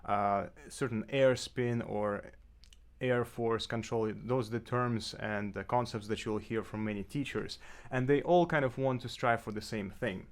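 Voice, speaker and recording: A man's voice: mid-range voice, measured pace. A man teaching clarinet in a casual tutorial from his apartment, talking loosely with many fillers and restarts. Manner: relaxed, with frequent fillers and self-corrections. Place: apartment indoors.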